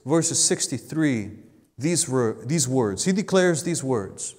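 A man preaching a sermon as pastor, swinging between loud emphatic peaks and soft hushed asides. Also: medium pitch, expressive, takes it slowly, in a large hall.

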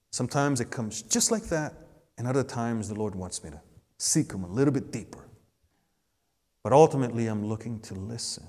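A man preaching a sermon as pastor, swinging between loud emphatic peaks and soft hushed asides. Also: medium pitch, in a large hall.

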